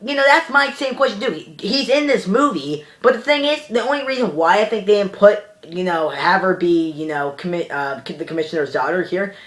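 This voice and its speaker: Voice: medium pitch, animated, a little fast, few pauses, fairly bright tone. A young adult reviewing a movie in a casual, exasperated rant, rambling and full of "you know" fillers.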